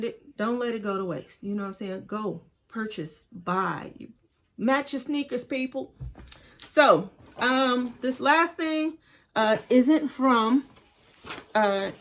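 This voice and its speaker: Excited Detroit woman, casual haul vlogger, talks straight to viewers, faint background noise. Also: fairly high pitch. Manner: excited, chatty, addresses viewers as y'all. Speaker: sneaker vlogger. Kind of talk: casual unboxing haul vlog.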